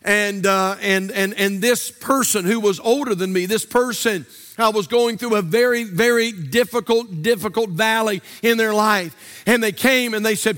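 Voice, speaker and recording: Fervent high-voiced Southern preacher. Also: male voice, moderate pace. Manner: impassioned, rising to shouts, sing-song preaching cadence. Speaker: pastor. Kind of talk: sermon. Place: church sanctuary. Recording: long church reverb.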